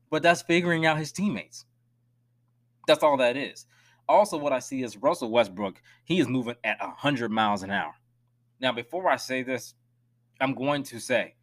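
Emphatic man ranting on a podcast. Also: mid-range voice. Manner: emphatic, swings between loud and hushed; direct, addresses listeners as y'all. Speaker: podcast host. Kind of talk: solo sports podcast rant.

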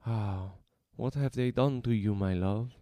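A man voicing a grieving, obsessed undead king with a Spanish accent, speaking slowly and softly with quiet menace. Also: mid-range voice, lively intonation, no echo, clean studio sound. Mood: tender.

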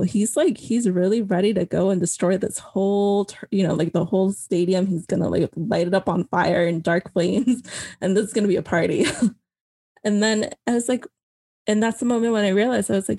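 A woman's voice: mid-range voice, a little fast, warm tone, husky. A woman co-hosting a casual anime discussion, enthusiastic and laughing often. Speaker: co-host.

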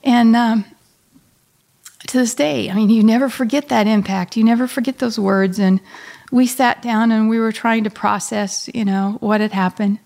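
A middle-aged woman, a guest on an interview show, telling an emotional personal story in a halting, heartfelt way with many pauses and restarts. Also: fairly high pitch, steady tone, vocal fry, darkish tone. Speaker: guest, a bereaved mother.

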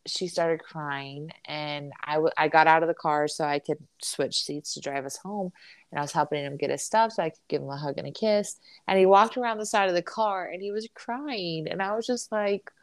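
Low-voiced chatty woman. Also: moderate pace, no echo. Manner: chatty, animated retelling with many fillers. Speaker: podcast co-host, military spouse. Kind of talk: casual chat.

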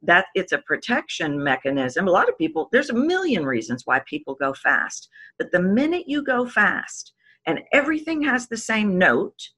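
A woman voice coach talking in an interview, explaining with lively demonstrations. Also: normal speed, breathy edge. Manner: expressive, swoops pitch to demonstrate points. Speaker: voice coach guest. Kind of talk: animated interview talk.

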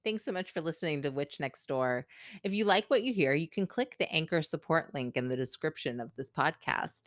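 Low-voiced chatty woman podcast host. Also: expressive, brisk, dry recording, studio quality. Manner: chatty, rambling, laughs often. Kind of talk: casual chat.

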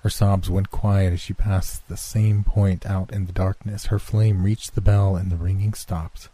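Deep husky male horror narrator. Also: level tone, measured pace, mellow.

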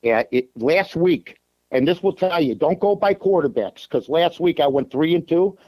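A man's voice: fairly high pitch, animated, normal speed, mellow, dry recording, poor audio. A man from Chicago, a sports radio host and handicapper, talking bluntly as a guest from his car, with lots of fillers and restarts. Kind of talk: casual sports talk on a call-in show. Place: in a parked car.

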